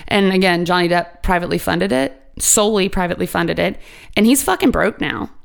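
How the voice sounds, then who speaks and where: A woman's voice: lowish voice, fairly quick, gravelly. A woman co-hosting a casual podcast chat, telling odd stories in a joking, profane way. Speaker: podcast co-host.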